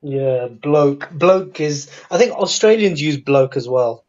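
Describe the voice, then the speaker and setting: A man's voice: on the high side, lively intonation, slow pace, darkish tone, lo-fi sound. A man in casual chat, asking curious questions and paying compliments. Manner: inquisitive, complimentary. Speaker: chat participant.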